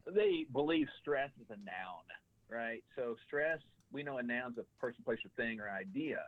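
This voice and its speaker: A man's voice: medium pitch, expressive, moderate pace, no echo. A man joins a radio interview over a tinny phone line, giving advice in an emphatic, explanatory coaching tone. The sound is dry, with no room around his voice. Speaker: radio show guest, lifestyle coach.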